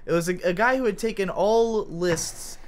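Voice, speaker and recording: A young man co-hosting a let's play, chatting casually in a rambling, profane and excitable way. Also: high voice, moderate pace, slight background noise. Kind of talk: casual gaming commentary. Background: video game music.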